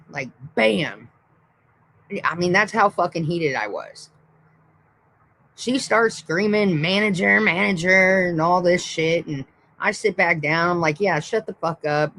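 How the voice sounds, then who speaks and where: A woman's voice: lowish voice, a bit bright, slight background noise, low-quality recording. A woman hosting a livestream, telling a rowdy personal story in a rambling, profane, blunt way. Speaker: livestream host. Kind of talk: casual storytelling.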